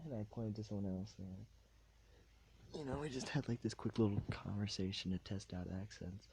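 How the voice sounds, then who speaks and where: Low-voiced man rambling on a podcast. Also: brisk, gravelly, darkish tone, a little hiss or hum, low-quality recording. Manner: rambling, laid-back, full of fillers. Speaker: podcast host. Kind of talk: rambling solo podcast chat. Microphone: recorded on a tablet.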